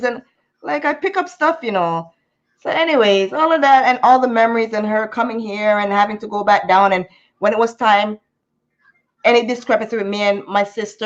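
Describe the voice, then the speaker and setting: A woman, talking through a personal story in an animated, venting way, sometimes slipping into patois. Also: a little high. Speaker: YouTuber. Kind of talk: candid storytime vlog. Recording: muffled lo-fi sound.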